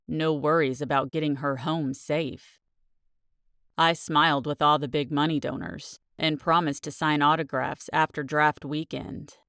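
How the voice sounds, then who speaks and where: A woman's voice: sits low, a bit bright, no room sound, clean studio sound, pitched below the performer's own voice. A woman voicing a blunt, crude, grumbling young male football player as he narrates an audiobook chapter.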